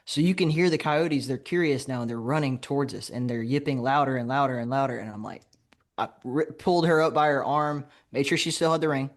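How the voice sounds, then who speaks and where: A man's voice: medium pitch, brisk. A man from Alabama, a podcast guest, telling a story casually and laughing as he talks. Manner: lively anecdote telling, laughs while talking. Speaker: podcast guest, game designer.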